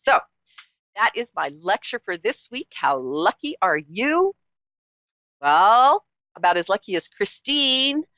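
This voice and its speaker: A woman's voice: medium pitch, big pitch swings, slow, pushed and bright, no echo, lo-fi sound. A woman hosting a call-in psychic show, talking in a chatty, teasing way with emphatic repetitions. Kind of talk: live call-in psychic reading.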